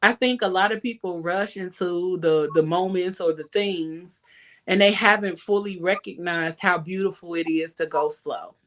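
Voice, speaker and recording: A woman's voice: lowish voice, moderate pace, a bit bright. Emphatic woman giving casual advice. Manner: emphatic, laughs often, sings a line. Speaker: podcast host.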